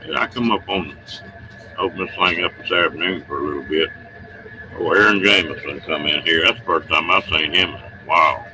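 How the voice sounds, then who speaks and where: A man's voice: deep voice, brisk, noisy background. A man hosting a livestream, chatting casually with viewers in a folksy, chuckling way. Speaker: livestream host.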